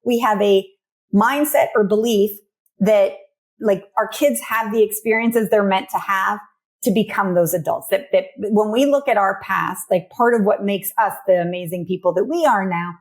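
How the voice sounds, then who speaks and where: A woman parenting coach talking as a podcast guest, chatty and animated, often acting out little voices in her stories. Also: medium pitch, moderate pace. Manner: animated storyteller, acts out voices in anecdotes; chatty with frequent "like" and "you know". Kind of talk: casual podcast conversation.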